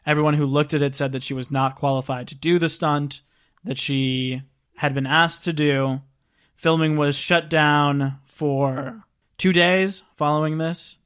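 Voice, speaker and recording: A man's voice: a little high, fairly bright tone, clear, resonant tone. A man co-hosting a podcast, casually recounting background stories with lots of filler "like". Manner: recounting production background in a chatty, informal way with frequent "like". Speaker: podcast co-host.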